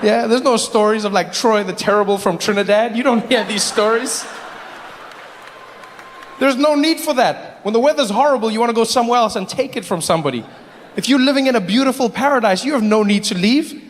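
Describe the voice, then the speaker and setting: A man doing live stand-up comedy in an animated style, often breaking into voices and shouts. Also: sits high, fast. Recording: live hall reverb, audience noise.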